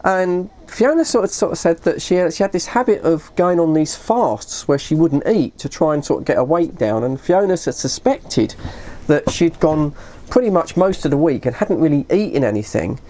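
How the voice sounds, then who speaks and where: A woman's voice: low voice, expressive, normal speed, warm tone. A woman telling a long story in a casual, rambling way, often correcting herself and saying "you know". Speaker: vlogger.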